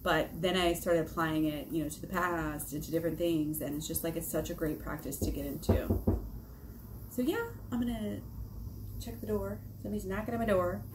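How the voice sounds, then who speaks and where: A woman talking casually to her viewers in a vlog about self-help, lively, swearing and acting out her own inner dialogue. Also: fairly low pitch, a little fast, noisy background. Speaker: vlogger on self-help and shadow work.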